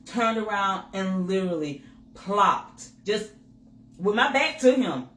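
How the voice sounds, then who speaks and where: A woman co-hosting a candid couple's chat with her husband, telling personal stories with lively acted-out inner dialogue. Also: medium pitch, slow pace. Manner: animated storytelling, acts out her own inner voice. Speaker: co-host. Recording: roomy with faint noise.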